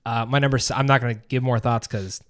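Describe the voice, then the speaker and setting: Male podcast co-host, mid pitch, earnest, swears freely. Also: fairly even intonation, quick pace. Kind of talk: casual chat.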